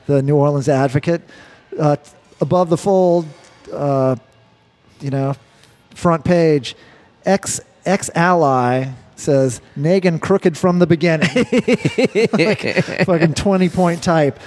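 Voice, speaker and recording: A man's voice: fairly high pitch, slow pace, a little mellow. A man co-hosting a casual talk show, rambling and profane, often repeating words while he searches for them. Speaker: podcast co-host. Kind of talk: casual chat.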